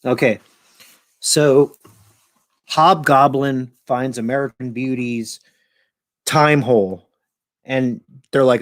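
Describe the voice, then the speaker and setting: Brief: profane man musician rambling on his channel, mid-pitched voice, dry close mic. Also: steady tone, slow pace, long pauses, no room sound. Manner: rambling, profane, laughs often. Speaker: video host and musician. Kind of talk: casual rambling monologue.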